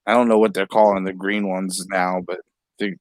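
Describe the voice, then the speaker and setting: A man's voice: low-pitched, flat delivery, normal speed, dry recording. Chatty man hosting a video call. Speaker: host. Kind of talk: casual video call chat.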